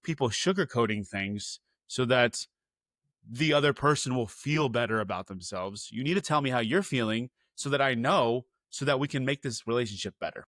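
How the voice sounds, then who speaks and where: A man's voice: mid-range voice, brisk, hardly any pauses, fairly bright tone, no room sound, studio quality. A man hosting a podcast for dads, earnest and advising, with many "like" fillers. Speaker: podcast host, father. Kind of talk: casual interview chat.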